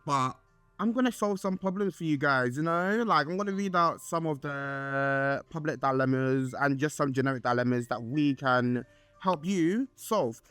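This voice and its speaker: A young man hosts his own podcast in a loose, rambling way, his slightly high voice leaping up whenever he gets excited. His sentences restart often and are padded with fillers. The sound is close and dry, with no room echo. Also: moderate pace, clear, resonant tone, faint music behind. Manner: excitable, with swoops up in pitch. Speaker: podcast host. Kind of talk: casual solo podcast chat.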